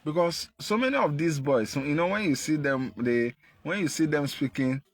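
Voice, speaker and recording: A man with a Nigerian Igbo accent delivering an impassioned political monologue, repeating his points and jumping in pitch for emphasis. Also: lively intonation, moderate pace. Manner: emphatic, repetitive, pitch leaps when stressing. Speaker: activist commentator.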